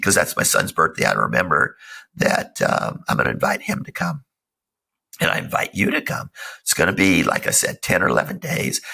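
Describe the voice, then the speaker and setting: Hoarse, gravelly-voiced man, lively delivery. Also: sits low. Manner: meandering, earnest, self-help tone. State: hoarse from a cold. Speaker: podcast host. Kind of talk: casual solo podcast talk.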